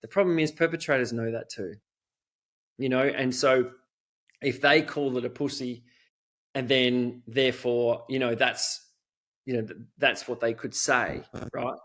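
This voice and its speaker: In this recording a man of middle age speaks at an ordinary pitch, in an earnest, loose conversational way. He strings thoughts together with frequent "you know"s and restarts, as an interview guest explaining his work. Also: steady tone, unhurried, fairly bright tone. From Australia. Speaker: guest expert on child safety.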